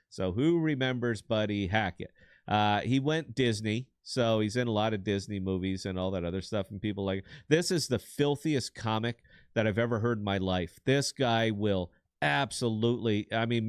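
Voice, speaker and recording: A man's voice: on the low side, smooth, no room sound, clean studio sound. A man in his fifties co-hosting a casual live show, rambling and telling corny dad jokes. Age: 50s. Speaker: podcast co-host.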